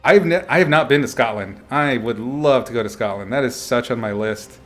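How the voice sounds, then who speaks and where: A man's voice: mid-range voice, fairly quick, a bit bright, soft background music. A middle-aged man chatting casually and laughing at himself while he paints on a live stream. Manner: chatty, self-mocking, laughs often. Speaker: artist streaming a painting session.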